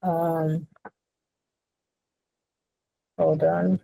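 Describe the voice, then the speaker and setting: A woman's voice: low voice, flat delivery, extremely slow, vocal fry, warm tone, slightly rough, no room sound, low-quality recording. A woman presenting a product demo on a video call, explaining step by step with frequent ums.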